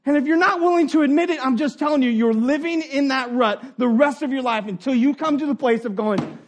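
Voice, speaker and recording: A middle-aged man preaching a sermon in an earnest, conversational way, dropping to quiet asides and rising for emphasis. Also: very high voice, fairly quick. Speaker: pastor.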